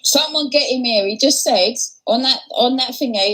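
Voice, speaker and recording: A woman's voice: a little high, lively intonation, fairly quick, a bit bright, low-quality recording. Blunt, sweary woman livestreaming. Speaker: livestream host. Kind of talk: casual live commentary.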